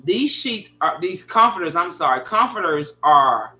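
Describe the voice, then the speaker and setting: A middle-aged woman telling a rambling, animated story to her viewers at home, with heavy swearing. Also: fairly low pitch, unhurried. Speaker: vlogger. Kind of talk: casual profane storytelling to viewers. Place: bedroom at home. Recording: echoey room.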